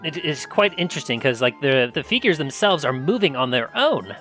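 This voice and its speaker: Man game master, lively, bright, narrating a tabletop game, faint music underneath. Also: medium pitch, brisk. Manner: rambling, many fillers and restarts.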